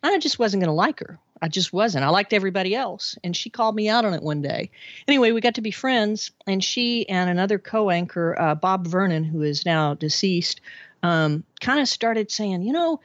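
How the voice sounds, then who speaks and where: A woman, a podcast guest telling her life story in a chatty, animated way with frequent laughs. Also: medium pitch, moderate pace, no echo, dull audio. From Arkansas, USA. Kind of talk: casual storytelling interview.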